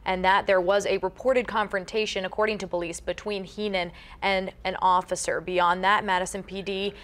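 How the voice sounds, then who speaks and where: A woman reporter files a story for a local news broadcast. She speaks earnestly and steadily, at an ordinary middle pitch. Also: little pitch movement, moderate pace, a bit bright.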